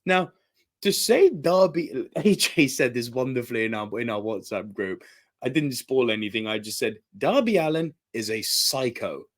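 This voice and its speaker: A man in his thirties hosting a wrestling review, talking with excitement and breaking into laughter and high exclamations. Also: moderate pace. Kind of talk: enthusiastic review monologue.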